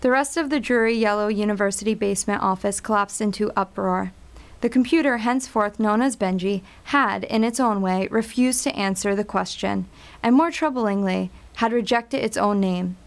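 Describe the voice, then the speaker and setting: Woman narrating a story, measured and wry. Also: mid-range voice.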